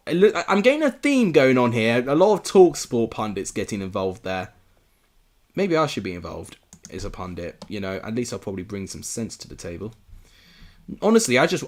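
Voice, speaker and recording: A young man from England hosting a live football watchalong, chatting casually and answering viewer comments. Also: medium pitch. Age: young adult. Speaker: livestream host.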